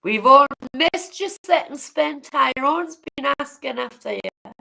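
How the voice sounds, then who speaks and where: Livestreamer, woman from the of England: slow, gravelly, blunt and sweary as she chats with her viewers. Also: sits high, expressive, sharp tone, low-quality recording. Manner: blunt, swears freely, talks to chat by name. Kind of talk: casual live-stream chat with viewers.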